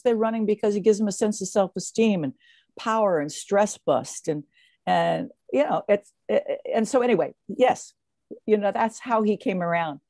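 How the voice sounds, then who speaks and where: An older woman, a guest in an interview, telling stories in a lively way with many fillers and restarts. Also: medium pitch, no room sound. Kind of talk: casual interview storytelling.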